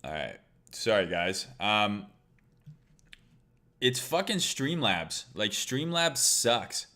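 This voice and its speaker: A man's voice: fairly low pitch, very animated, slow, pushed and bright. A man hosting a trading livestream, talking casually in a blunt, profane, rambling way.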